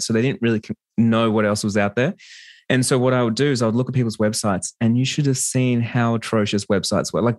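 A man hosting a casual podcast, telling a relaxed story about his business. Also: lowish voice, no echo, clean studio sound.

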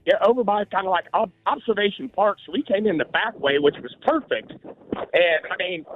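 A man calling into a radio show to report, talking excitedly and casually in slang. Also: sits high, normal speed, slight background noise. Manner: excited, slangy, says bro and like. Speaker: caller reporting on air. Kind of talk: casual phone-in chat. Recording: tinny phone line.

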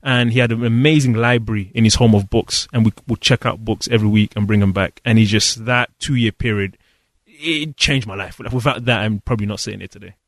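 A man's voice: fairly low pitch, no room sound. Earnest man telling his story. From London, England. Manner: earnest, reflective, pauses and restarts. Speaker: guest. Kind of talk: personal storytelling in an interview.

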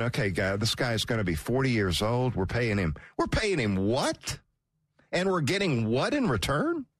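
Brief: middle-aged man, sports radio host, lively delivery, dry close studio sound, a bit higher-pitched. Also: dry recording. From Georgia, US. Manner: animated, wry, chatty. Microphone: studio mic.

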